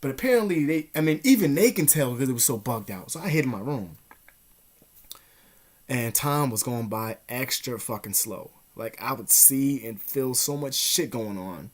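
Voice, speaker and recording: A young man vlogging a personal story in loose, profanity-heavy slang. His voice sits at an ordinary middle pitch, and he gets animated before sinking into hushed whispers. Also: normal speed. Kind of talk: casual storytelling.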